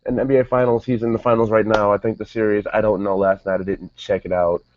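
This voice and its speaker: A man's voice: fairly low pitch, little pitch movement, quick pace, slight background noise. A man giving a casual, rambling spoken review, often wandering off topic and correcting himself. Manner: rambling, digressive, self-correcting. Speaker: wrestling show reviewer. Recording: dull lo-fi dry recording.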